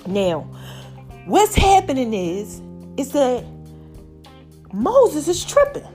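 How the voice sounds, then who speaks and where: A middle-aged woman hosting her own podcast, talking to listeners in an animated, chatty way. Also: sits high, takes it slowly, soft background music. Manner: animated, chatty, calls listeners y'all and baby. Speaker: podcast host. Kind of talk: casual podcast monologue.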